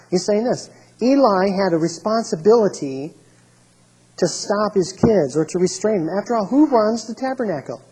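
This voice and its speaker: A man's voice: high voice, expressive, normal speed, warm tone, husky, poor audio. A male pastor preaching a sermon, emphatic and repetitive, reading scripture aloud and restarting his phrases often.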